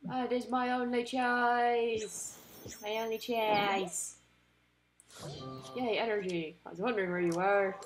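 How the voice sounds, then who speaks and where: A woman giving casual commentary while playing a card game, excitable, talking to the cards and groaning or cheering at each turn. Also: on the high side, takes it slowly, pauses often, faint music behind. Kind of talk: casual let's-play commentary.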